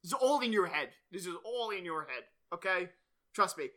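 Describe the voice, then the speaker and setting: A man's voice: high voice, sing-song, a little fast, sharp tone. A man hosting a podcast in casual chat, rambling, swearing and often laughing. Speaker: podcast host.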